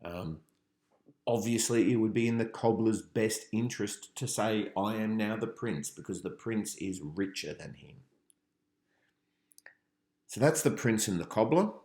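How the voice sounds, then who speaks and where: A man teaching philosophy in a relaxed revision lecture, thinking aloud with frequent ums. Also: fairly low pitch, a little slow, long pauses. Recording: roomy echo.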